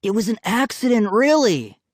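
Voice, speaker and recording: A man voicing a greedy, excitable teenage troublemaker in a storybook, pitched well up from his own voice with lively, loud swings. The recording is dry and close. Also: moderate pace, no echo. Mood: defensive. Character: greedy, cheeky teenage boy, brother and troublemaker. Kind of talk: audiobook character voice.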